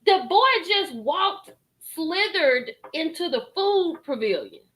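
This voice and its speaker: A woman hosting a reaction video, giving animated commentary on a reality show, laughing and talking straight to her viewers. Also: very high voice, takes it slowly, low-quality recording.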